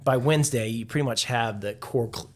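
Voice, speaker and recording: On a podcast, a male guest who served in the Navy spins casual stories, dotted with filler words and occasional chuckles. He talks a little fast in a mid-range voice, with slight background noise behind him.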